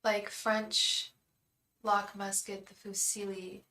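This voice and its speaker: Bright-voiced young woman reading tarot live. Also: mid-range voice, a little slow, rough recording. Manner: chatty and effusive, thanks viewers by name, repeats phrases. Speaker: tarot reader hosting a live stream. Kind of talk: live-stream tarot reading, chatting with viewers.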